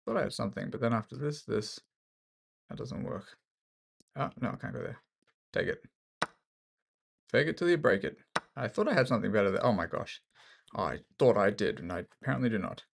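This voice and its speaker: A creaky male voice on the low side belongs to an Australian chess streamer. He jokes and mocks himself while thinking aloud, giving casual commentary as he plays online chess.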